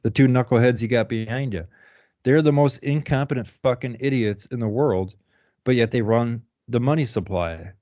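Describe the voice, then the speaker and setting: A man's voice: mid-range voice, moderate pace, warm tone, dry recording. A man co-hosting a podcast, talking in a rambling casual way with a lot of swearing and laughing. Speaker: podcast co-host. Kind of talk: casual profane chat. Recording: dull lo-fi dry sound.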